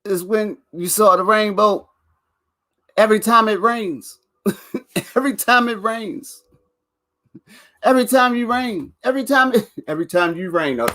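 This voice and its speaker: High-pitched and sharp in tone, this man delivers a casual rant to the camera on his own video channel. He rambles, curses, addresses viewers directly, and laughs between his lines.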